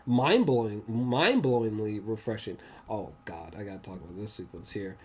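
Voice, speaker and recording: A man giving a casual, rambling movie review, excitable and slangy, often laughing. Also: on the low side, normal speed, slightly rough.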